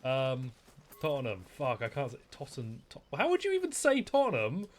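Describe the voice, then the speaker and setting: A man's voice: mid-range voice, huge pitch swings, moderate pace, a little hiss or hum. A man, streaming a game and chatting in a joking, rambling way, with plenty of swearing. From England. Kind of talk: casual gaming commentary.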